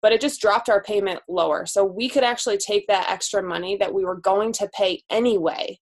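A woman in her twenties, a new physical therapist, talking candidly in a casual podcast interview. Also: medium pitch. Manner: candid, chatty, quick laughs.

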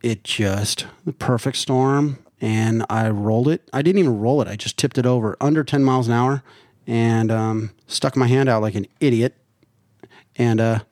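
A man's voice: mid-range voice, moderate pace, a little mellow, no echo, studio quality. A middle-aged man from Nevada, a podcast guest, telling a story in a crude, joking way with plenty of swearing. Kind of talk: casual chat.

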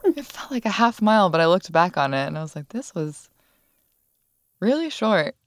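A woman hosting a podcast, telling a personal story in a candid, animated way and laughing now and then. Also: on the low side, fast, clean tone, no echo. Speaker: podcast host. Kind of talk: casual storytelling chat.

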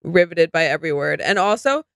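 A woman's voice: on the low side, very animated, fairly quick, creaky, a bit bright, clean tone, no echo. A woman co-hosting a podcast, rambling enthusiastically in casual chat about reality TV. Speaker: podcast co-host.

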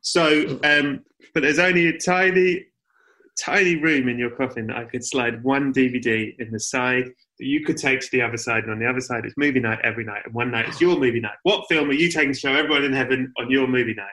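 A man hosting a comedy podcast, telling absurd stories in a casual deadpan way and swearing freely. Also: mid-range voice, a little fast, low-quality recording. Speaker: podcast host.

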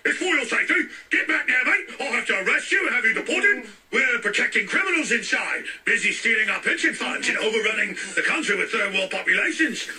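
A bombastic conspiracy broadcaster bellows in a fake posh English accent. The voice sits very high and sharply bright, and he rants and shouts. The mic picks it up from a distance. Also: animated, a little fast, few pauses, full character voice. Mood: ranting. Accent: put-on posh English. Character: ranting male conspiracy broadcaster faking a snobbish English guard. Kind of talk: comedy impression on a podcast.

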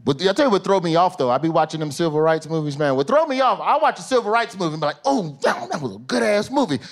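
A male stand-up comedian, performing an animated set that swings from low asides to high shouted bits on a theater stage. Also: rapid-fire. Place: theater stage with a laughing audience. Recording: live show with loud crowd laughter and room noise.

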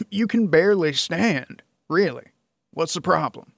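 A man's voice: a little high, expressive, unhurried, gravelly, no echo, studio quality, full character voice. A man voicing an old fishing man, hearty and shrewd, in an audiobook.

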